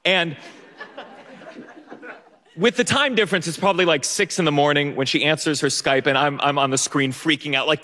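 A young man telling a story live on a theater stage, animated and self-mocking, sometimes bursting into shouts. His voice is bright and forceful and a little high. A long reverb from the hall trails each phrase. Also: normal speed, long pauses.

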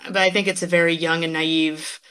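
A woman's voice: fairly low pitch, level tone, a little fast, fairly bright tone, clear, resonant tone. A woman guest writer on a podcast, speaking in a thoughtful, analytical way with casual fillers.

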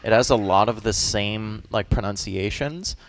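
Boston comedian guest, man, animated storyteller who acts out bits, dry close sound. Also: on the low side, normal speed, no room sound. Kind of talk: casual radio interview.

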